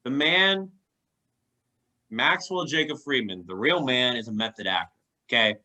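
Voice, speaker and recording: A man's voice: medium pitch, measured pace, bright, forceful tone. A man co-hosting a casual podcast, speaking emphatically and swearing. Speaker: podcast co-host. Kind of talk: casual chat.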